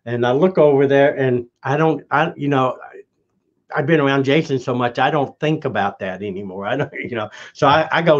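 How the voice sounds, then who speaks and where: A man's voice: mid-range voice, fairly quick. A man, a show guest, telling a long anecdote in casual chat, with restarts and quoted dialogue. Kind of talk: casual storytelling. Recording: dull lo-fi audio.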